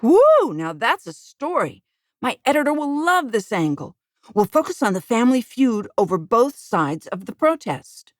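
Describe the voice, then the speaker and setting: A woman voicing an eager, brash female newspaper reporter in an audiobook, her speech excited and keen. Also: on the high side, moderate pace, no room sound, studio quality, voice pushed up. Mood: thrilled. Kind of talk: audiobook character voice.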